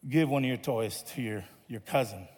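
A man preacher voicing a calm, firm mother, dropping into a low, hushed, measured voice in a reverberant hall. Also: slightly rough, natural voice.

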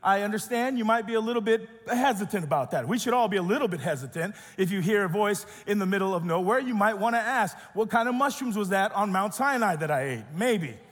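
High-voiced preacher in a reverberant hall. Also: male voice, animated, fast, hardly any pauses. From grew up as an immigrant. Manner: earnest preaching, shifts between loud and hushed. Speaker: pastor. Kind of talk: sermon.

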